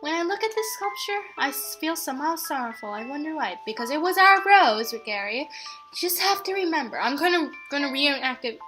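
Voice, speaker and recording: A young woman narrating her let's play of a horror game in a chatty, excitable way, often breaking into her characters' lines. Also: high voice, fairly quick, soft background music. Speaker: gaming channel host.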